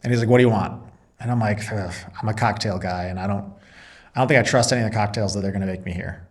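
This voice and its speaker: A man's voice: fairly low pitch, quick pace. A man being interviewed, a Marine reservist and business owner, telling a story in casual chat and acting out both sides of the dialogue.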